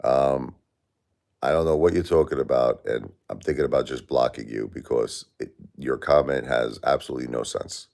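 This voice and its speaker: A man's voice: a bass voice, moderate pace, vocal fry, a little mellow. A grieving man hosting a live stream, talking in an aggrieved, plaintive, repetitive way and answering chat. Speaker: livestream host.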